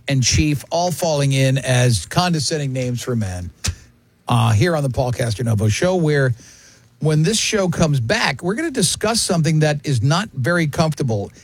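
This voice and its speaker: A man's voice: on the high side, slightly rough, no echo. A man hosting a radio talk show, bantering casually and acting out quoted voices with jokes. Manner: animated, jokey, acts out quoted voices.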